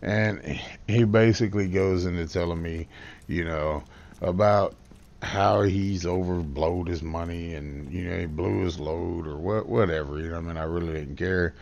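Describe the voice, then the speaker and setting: A man's voice: low-pitched, steady tone, moderate pace, creaky, darkish tone, dull audio. A man telling a comedic, trash-talking story as a guest youtuber, brash and crude.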